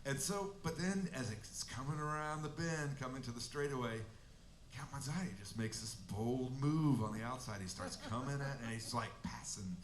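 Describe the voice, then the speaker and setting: A man's voice: medium pitch, normal speed, a little hiss or hum. A male musician telling a casual, rambling anecdote between songs at a live venue, through a stage mic. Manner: rambling, amused storyteller. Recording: echoey live room with band.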